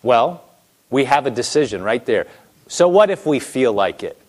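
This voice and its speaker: A man's voice: medium pitch, very animated, normal speed, darkish tone. A man preaching a conversational sermon, asking lots of rhetorical questions and acting out people's thoughts.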